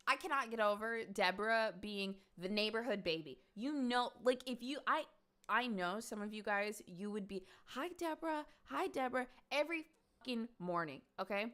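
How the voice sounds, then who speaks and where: Chatty woman telling a true crime story. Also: medium pitch. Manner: chatty, animated, swears for emphasis. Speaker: streamer host.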